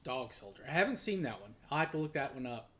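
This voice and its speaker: A man's voice: mid-range voice, very animated, quick pace, pushed and bright, a little hiss or hum. A man streaming a tank game, chatting casually and telling a long rambling story with fillers. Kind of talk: casual chat while gaming.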